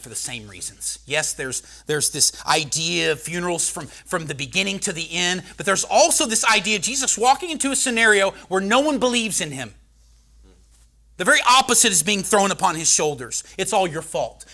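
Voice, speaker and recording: A man preaching a sermon, swinging between loud proclaiming and hushed, dramatic storytelling. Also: sits high.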